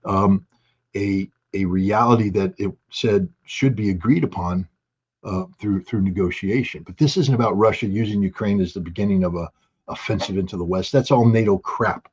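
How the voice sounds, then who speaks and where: A husky, lowish male voice delivers impassioned political commentary, pressing his points with sarcasm. The audio is dull and lo-fi, like a remote video call. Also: normal speed. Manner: forceful, sarcastic, quotes leaders in mock voices. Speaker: guest analyst.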